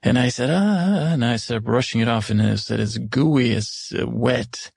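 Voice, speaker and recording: Man playing an older stepmother, once cruel, rambling, halting, self-correcting, gravelly, husky, middle pitch. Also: a little mellow, no room sound, clean studio sound. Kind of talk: improvised first-person storytelling.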